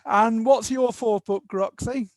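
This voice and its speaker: High-voiced man hosting a book chat. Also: fairly even intonation, unhurried, darkish tone, dry recording. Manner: friendly questioner, repeats words. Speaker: book club host. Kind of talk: casual chat.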